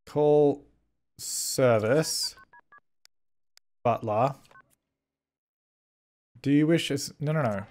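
A man hosting a gaming video, giving excitable let's play commentary, fretting aloud and talking at the characters on screen. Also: mid-range voice, takes it slowly, long pauses. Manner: excitable, frets aloud and talks at the game characters.

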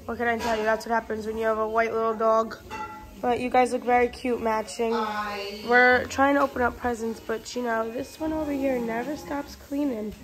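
A woman's voice: a little high, little pitch movement, normal speed, music in the background. A young woman filming a casual home vlog on her phone, bubbly and gushing as she shows her family gathering. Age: young adult. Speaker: vlogger. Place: busy family home indoors. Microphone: handheld phone camera.

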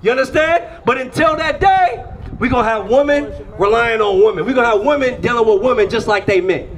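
A man's voice: very high voice, a little fast. A man preaching outdoors on a street, firing rhetorical questions at the crowd and pulling them into call-and-response.

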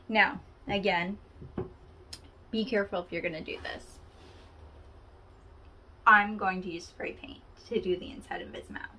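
Woman, craft tutorial host, unhurried, bright clear tone, chatty, self-deprecating. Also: medium pitch, a little hiss or hum. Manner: chatty and self-deprecating, talking to the viewer while working. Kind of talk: casual step-by-step craft tutorial.

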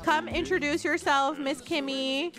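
A woman's voice: sits high, fairly even intonation, a little slow, music in the background, pitched above the performer's own voice. A woman voicing a doting middle-aged mother who gushes over her son's girlfriend in a life-sim game. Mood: gushing.

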